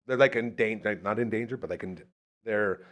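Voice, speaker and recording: A man from Canada co-hosting a podcast, talking casually and jumping into high exclamations. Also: brisk. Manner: animated, jumps into high exclaims. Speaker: podcast co-host. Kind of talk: casual chat.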